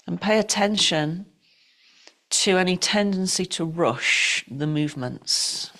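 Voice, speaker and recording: A middle-aged woman teaching yoga and breathwork, giving calm, unhurried, gently directive cues for breathing and movement. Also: lowish voice. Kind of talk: guided breathwork and yoga instruction.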